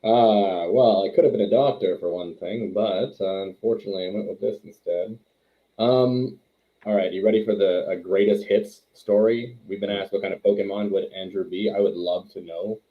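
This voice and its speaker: Over a tinny, phone-like line, a Quebec man in his thirties, a wrestler and trainer, guests on an interview and tells rambling, self-deprecating stories. His pitch is fairly low and his pace moderate, keeping the storytelling casual.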